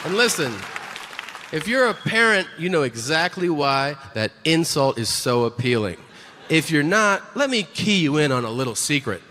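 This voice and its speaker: A man's voice: sing-song, moderate pace, crowd noise. A middle-aged man doing a stand-up comedy set, profane, acting out both sides of conversations. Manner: profane, acts out both sides of dialogues with low voices. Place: comedy venue stage. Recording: live stage set with long reverb and faint room noise.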